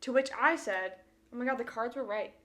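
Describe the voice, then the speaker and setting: A woman co-hosting a casual episode recap, animated and joking. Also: fairly high pitch, a little fast. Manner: animated and joking, prone to loud laughing outbursts. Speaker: podcast co-host.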